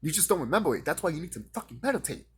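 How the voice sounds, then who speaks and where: Man ranting profanely, husky, lively pitch. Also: very fast. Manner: confrontational, swearing, mocking imagined critics in high voices. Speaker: vlogger ranting to camera. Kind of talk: profane conspiratorial rant.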